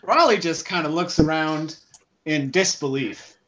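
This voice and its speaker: A man's voice: fairly high pitch, unhurried, a bit bright. Chatty man playing a tabletop game. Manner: chatty, stammering, half-laughing. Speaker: player. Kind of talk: tabletop game play, in-character talk. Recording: dull lo-fi sound.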